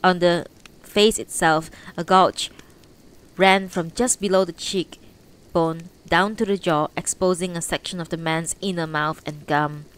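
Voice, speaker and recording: A woman's voice: fairly low pitch, fairly even intonation, measured pace, smooth, low-quality recording. A woman reading a novel aloud on a livestream, unpolished, correcting her slips as she goes. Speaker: audiobook reader on a livestream.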